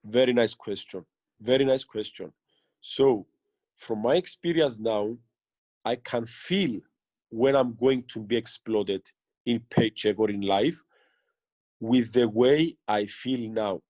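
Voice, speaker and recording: An earnest business leader being interviewed gives motivational coaching advice in a mid-range, darkish voice at a slow pace. There's no echo.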